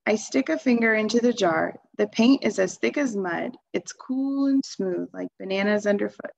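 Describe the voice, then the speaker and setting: A woman reading a children's novel aloud in a calm, even storytelling voice. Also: medium pitch, normal speed, creaky, lo-fi sound. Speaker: reader.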